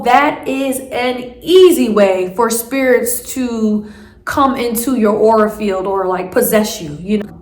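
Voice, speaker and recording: Woman telling a story, high voice. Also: a little mellow, echoey room. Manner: rambling, full of fillers and restarts. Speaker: vlogger. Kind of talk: casual storytelling.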